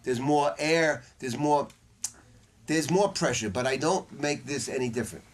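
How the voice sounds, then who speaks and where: A man's voice: on the high side, moderate pace. An older man teaching a saxophone masterclass in a casual, blunt way, with slang and the odd swear word. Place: music store room with students.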